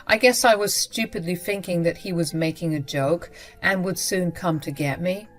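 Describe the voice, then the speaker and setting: A woman's voice: fairly low pitch, moderate pace, soft background music. A young woman narrating a first-person story with emphatic, dramatic retelling.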